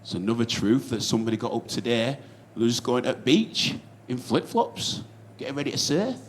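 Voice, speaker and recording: A man's voice: mid-range voice, very animated, a little fast, a little hiss or hum. A young man with a Yorkshire accent doing a stand-up comedy set on stage, swearing freely and rambling through anecdotes full of asides. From Yorkshire, England.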